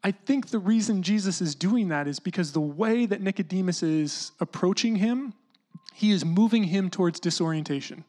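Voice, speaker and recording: A preacher giving a conversational sermon, explaining scripture in a loose, chatty way full of "like" and "you know", sometimes dropping to a hush. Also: mid-range voice, moderate pace. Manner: casual, animated teaching with lots of "like" and "you know"; often drops into a hushed voice to act out quotes.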